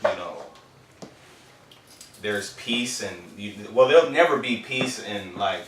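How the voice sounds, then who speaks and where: A man talks loosely in a group discussion, halting, restarting and acting out movie scenes. He sits away from the mic, so his voice comes through a roomy, echoey space with a faint hiss. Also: lowish voice, expressive, a bit bright. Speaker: podcast co-host. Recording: echoey room, far from mic, faint noise.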